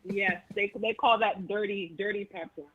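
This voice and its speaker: A woman from the Bronx calls in with a Bronx accent. She chats in a friendly way and softens her questions. Her voice sits at a middle pitch and comes through slightly muffled phone audio. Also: fairly even intonation, moderate pace, slightly rough. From the Bronx, New York. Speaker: caller.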